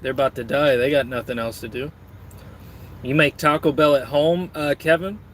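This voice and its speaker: A man's voice: medium pitch, steady tone, normal speed, slight background noise. A man streaming and reading his chat, rambling in a crude, joking way while snacking.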